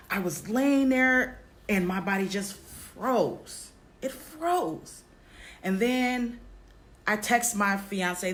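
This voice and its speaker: A woman vlogger telling a personal story straight to her viewers, halting often and repeating herself. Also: mid-range voice, fairly bright tone. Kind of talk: candid personal storytelling to camera.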